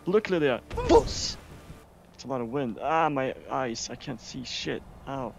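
A man from Sweden giving casual, excitable gameplay commentary as a streamer, swearing often. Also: medium pitch, normal speed, creaky, slight background noise. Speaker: gaming streamer.

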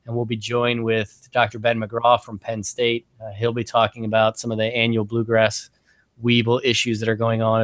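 A man's voice: mid-range voice, a bit bright, dry recording. A man hosting an interview podcast, chatting casually and rambling with many fillers. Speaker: podcast host.

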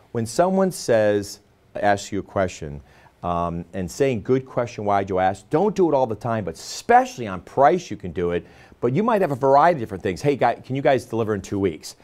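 An American man giving a sales training talk to camera, energetic and conversational, acting out customer exchanges as he teaches. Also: medium pitch.

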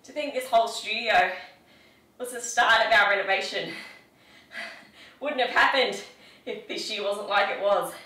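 A woman's voice: medium pitch, moderate pace, pauses often, pushed and bright. A woman, a fitness instructor, coaching a live workout in an upbeat, encouraging way and counting out reps in her home studio. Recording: echoey room, mic at a distance.

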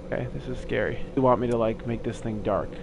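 A man's voice: mid-range voice, quick pace, gravelly, noisy background. A young man giving frightened, swearing commentary while playing a horror game and talking to his viewers. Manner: jumpy, swearing, talks to viewers. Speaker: gaming video host. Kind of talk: scared let's-play commentary.

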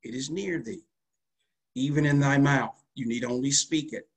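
Male pastor, husky voice, fervent call-and-response sermon delivery. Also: mid-range voice, normal speed.

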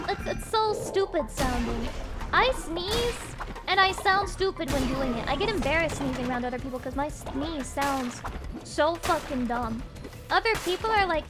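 A young woman playing a game on stream, chatting casually with her audience, swearing a lot and breaking into loud outbursts. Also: sits high, normal speed, over loud music. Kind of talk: casual gaming stream chat.

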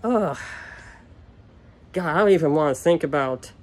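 Furious young man ranting, a bit high. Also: lively intonation, unhurried. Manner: frustrated, repetitive, swearing. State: upset and furious. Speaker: sports fan ranting on video. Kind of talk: angry solo rant.

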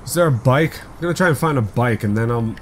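A man doing excitable let's play commentary, rambling and swearing often. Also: medium pitch, fast talker, slight background noise. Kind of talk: gameplay commentary.

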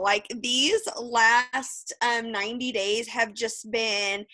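A woman's voice: fairly high pitch, steady tone, slow pace, few pauses, sharp tone, no echo. A woman, giving a fired-up, candid motivational talk as a guest on a video call, swearing freely. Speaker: guest speaker.

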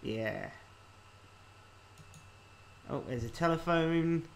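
A man casually commenting on a video game as he plays, reading the on-screen text aloud and thinking out loud. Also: fairly high pitch, lively intonation, extremely slow, vocal fry, slight background noise. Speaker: let's-play host.

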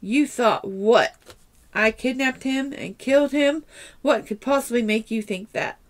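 A woman's voice: fairly high pitch, measured pace, natural voice. A woman reading a defensive, troubled man. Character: troubled middle-aged man, defensive then pleading.

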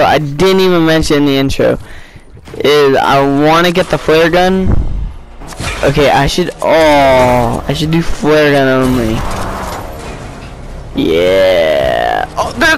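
A young man giving casual, jokey commentary while playing a video game, breaking into excited yelps. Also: medium pitch, background noise. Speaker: gaming video creator.

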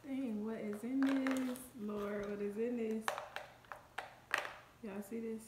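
Excited young woman vlogging at home. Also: fairly high pitch, takes it slowly. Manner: excited, chatty, addresses viewers as y'all. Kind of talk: casual vlog chat. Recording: echoey room with noticeable background noise.

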